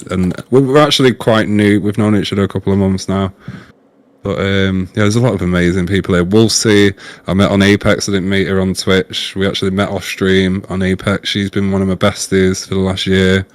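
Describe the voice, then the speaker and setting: A man's voice: low-pitched, level tone, brisk, no echo. A man in casual gaming-stream chat, earnest and chatty, often repeating words while he thinks. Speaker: guest streamer.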